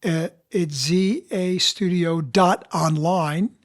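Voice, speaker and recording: High-voiced man telling lively anecdotes. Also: takes it slowly. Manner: animated anecdotes, acts out quoted voices. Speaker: actor and dialect coach, guest. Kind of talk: casual interview storytelling.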